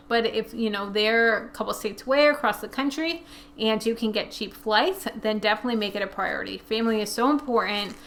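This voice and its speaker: A young woman hosts a relaxed personal finance Q&A in a mid-range, fairly bright voice. Reading questions from viewers, she answers chattily and conversationally, with frequent fillers.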